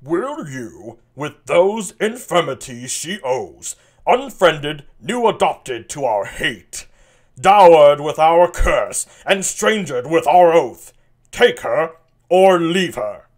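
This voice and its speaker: A wrathful old king, read aloud by a man at a stately, dragging pace, his voice pitched a little high. He swells from measured speech into loud, bitter outbursts, like a dramatic reading of a classic play. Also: very animated. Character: aged wrathful king disowning his daughter.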